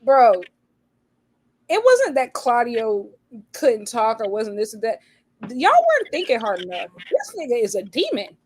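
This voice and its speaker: A woman co-hosting a podcast, talking casually in an animated, slangy way. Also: fairly high pitch, unhurried, breathy edge, low-quality recording. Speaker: podcast co-host. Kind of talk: casual chat.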